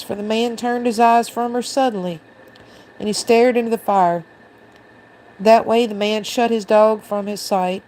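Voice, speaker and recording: A woman host reading a storybook aloud in a steady, even narration. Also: fairly high pitch, slight background noise, low-quality recording.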